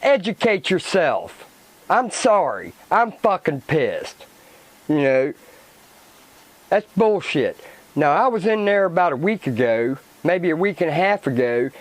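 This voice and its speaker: A man's voice: sits high, dry recording, rough recording. A man hosting his own vlog, ranting angrily and swearing, repeating himself as he goes. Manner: swearing, agitated ranting with repetition. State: angry. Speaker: channel host. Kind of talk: angry vlog rant.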